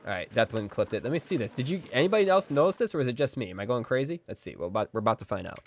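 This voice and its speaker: Excitable man streaming a game. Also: medium pitch, rapid-fire, creaky. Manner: excitable, jokey, talks to chat. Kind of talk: casual live gameplay commentary.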